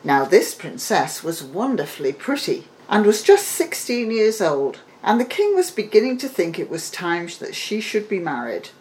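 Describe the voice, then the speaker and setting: A woman on the library staff reading a fairy tale aloud in an expressive storytelling manner. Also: medium pitch, normal speed, few pauses.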